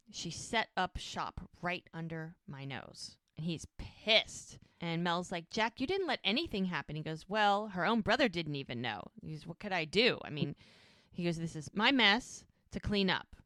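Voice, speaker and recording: A woman co-hosting a podcast, casually recapping a TV episode and acting out the characters' lines in quick voices. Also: fairly low pitch, lively intonation, fairly bright tone, dry recording. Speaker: podcast co-host.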